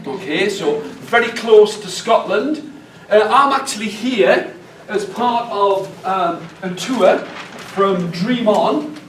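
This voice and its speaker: With a distant microphone, an echoey room, and faint noise behind him, a northeast England storyteller talks slowly to a live workshop audience. His Northeast English accent, high pitch, and animated delivery suit his chatty, playful style.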